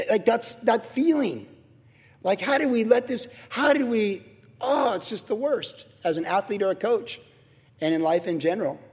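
Middle-aged guy preaching, talks high, lots of emphasis, big hall echo. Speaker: pastor. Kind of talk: sermon. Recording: long reverb of a large hall.

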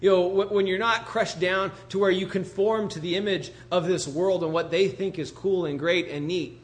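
A man preaching a sermon as a pastor, animated and full of rhetorical questions, often acting out the voices of others. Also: sits high, moderate pace. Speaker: pastor planting a church.

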